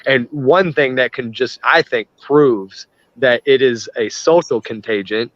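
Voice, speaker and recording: A man's voice: medium pitch, a little slow, fairly bright tone, no echo. A man in casual chat, talking in a profane, worked-up rant. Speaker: podcast host. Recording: dry, dull lo-fi sound.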